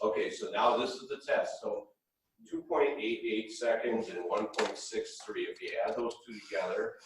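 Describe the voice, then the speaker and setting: Low-pitched male presenter, folksy, joking, heard from far off in an echoing hall. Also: normal speed, background noise. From Wisconsin-Minnesota border. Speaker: safety presenter. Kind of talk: workshop presentation. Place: large room with an audience.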